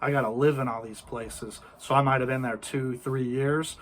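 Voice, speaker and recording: A man's voice: mid-range voice, fairly even intonation, moderate pace, fairly bright tone, slight background noise. A man from the United States, chatting casually and telling travel stories. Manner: storytelling, chatty. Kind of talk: casual chat.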